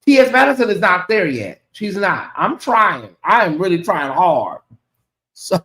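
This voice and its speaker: Guy chatting on his own stream, reacting loud to comments, kinda high voice. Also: sing-song, measured pace, roomy sound, poor audio. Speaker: channel host. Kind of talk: casual livestream chat reading chat messages.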